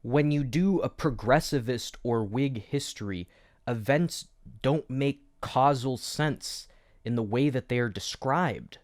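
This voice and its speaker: A man's voice: mid-range voice, slow pace, no room sound, studio quality. A man hosting an educational video essay, explaining history with wry, jokey asides. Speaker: educational YouTube host.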